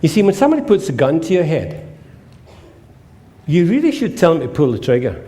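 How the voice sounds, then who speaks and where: Animated older man telling jokes. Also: fairly high pitch, fairly quick. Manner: jokey storyteller who acts out dialogue. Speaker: seminar presenter. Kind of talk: humorous seminar talk to a live audience.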